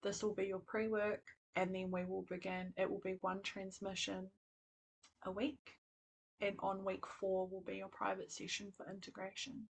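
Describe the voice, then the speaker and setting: A woman hosting a live stream as a spiritual coach, talking in a soft, earnest way. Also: medium pitch, level tone, moderate pace, gravelly, slight background noise, low-quality recording. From New Zealand. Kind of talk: live-stream program pitch.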